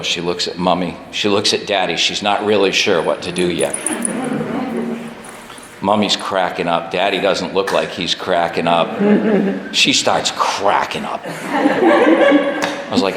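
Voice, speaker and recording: A man in his forties sharing a personal story at a recovery meeting, animated and self-deprecating, laughing at himself often. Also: fairly high pitch, slight background noise. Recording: echoey hall with long reverb.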